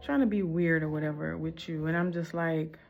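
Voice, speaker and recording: A woman's voice: sits low, steady tone, normal speed, vocal fry, muffled recording. A woman telling a casual storytime in a candid, rambling, emphatic way, full of casual slang.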